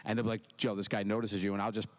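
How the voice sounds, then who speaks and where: A man's voice: lowish voice, level tone, rapid-fire. A man from New York telling stories in an easygoing way and chuckling often as a panelist at a convention. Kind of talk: comedic panel chat.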